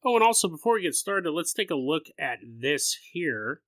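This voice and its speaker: A man hosting a paranormal podcast, talking casually in a rambling, animated way and laughing often. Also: on the high side, normal speed, dry recording. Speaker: podcast host. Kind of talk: casual solo podcast talk.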